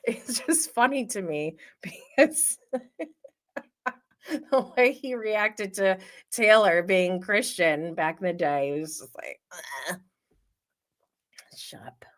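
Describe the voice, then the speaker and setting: Slow-talking gossipy woman host. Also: mid-range voice. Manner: animated gossipy, laughing often. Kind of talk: casual reality TV recap.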